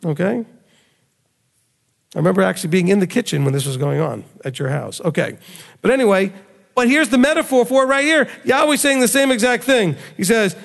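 A man's voice: high-pitched, animated, brisk, creaky. A man teaching scripture in a conversational sermon style to a small group, acting out quoted lines with animation. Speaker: bible teacher. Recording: long hall reverb.

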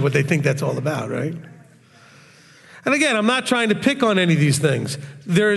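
A man's voice: on the high side, vocal fry, in a large hall. A man preaching in a blunt, straightforward way on a live stream, often mocking other voices. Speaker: religious teacher.

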